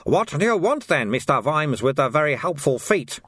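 A thin, cheerful monk, voiced by a man reading aloud, calm and gently teasing. He speaks in a raised, light voice with lively turns. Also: fairly high pitch, normal speed, slightly rough, dry recording, voice pushed up, exaggerated voice.

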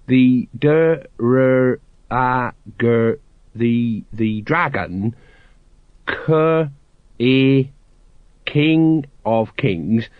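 A man reading aloud as a slow-witted, stout older male sergeant who stumbles over words. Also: mid-range voice, dry recording, phone-quality sound.

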